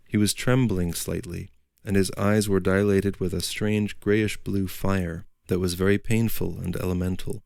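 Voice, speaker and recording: A male narrator reads a literary audiobook in a measured, unhurried storytelling manner. His voice is very low with a gravelly texture. The sound is close and dry. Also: level tone, a little mellow, no room sound.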